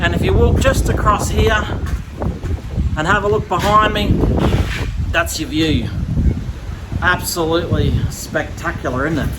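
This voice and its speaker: A chatty Australian man with a bright, high voice talks in a relaxed, joking way. He is vlogging outdoors at an old island pub. Loud background noise fills the recording. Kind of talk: casual travel vlog.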